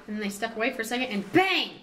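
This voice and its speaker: A woman's voice: a little high, fairly even intonation, rapid-fire. A teenage girl casually retelling a novel's plot, slipping into quoted voices. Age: teens. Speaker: student storyteller. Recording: distant mic with background noise.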